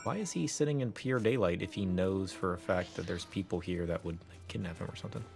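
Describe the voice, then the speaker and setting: A man's voice: low-pitched, fast talker, vocal fry, darkish tone, faint music behind. A young man casually commenting on a game he is streaming, laughing often and saying "like" a lot.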